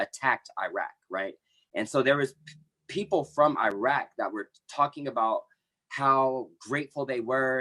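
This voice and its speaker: An earnest man in his thirties shares his personal story on an online panel. He speaks with conviction but stops and restarts often. His voice sits at an ordinary mid pitch, heard over a video call. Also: a bit bright, slightly rough. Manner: earnest, impassioned, with halting restarts. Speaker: membership coordinator of an activist group.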